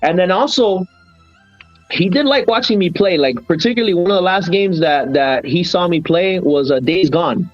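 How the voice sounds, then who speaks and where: Podcast host, man, animated nostalgic storyteller, dry dull lo-fi sound. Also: sits high, moderate pace, dry recording, faint music behind. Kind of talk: casual podcast chat.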